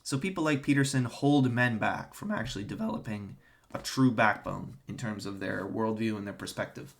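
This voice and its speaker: A man's voice: lowish voice, moderate pace, vocal fry, a little hiss or hum. A young man talking to camera in an opinionated monologue, with a ranting, sarcastic and contemptuous tone. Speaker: online commentator.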